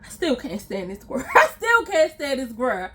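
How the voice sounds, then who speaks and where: A woman vlogger tells a personal story straight to her viewers in a casual, lively way. Her voice is high and bright. She hammers points home by repeating them and slips into the voices of the people in the story. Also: normal speed, slight background noise. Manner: animated, repeats phrases for emphasis, acts out quoted lines.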